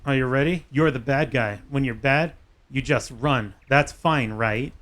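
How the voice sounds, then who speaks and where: A man's voice: medium pitch, measured pace, a bit bright. A man hosting a live game stream, chatting casually and joking with friends and viewers. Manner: jokey, easygoing, talks to chat viewers. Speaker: streamer and host. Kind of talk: casual chat while playing a video game.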